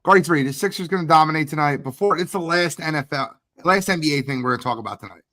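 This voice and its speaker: A man hosting a livestream draft watch party, hyped and talking quickly, shouting out guests and asking viewers to share. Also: fairly high pitch. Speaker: host. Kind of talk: energetic livestream chat.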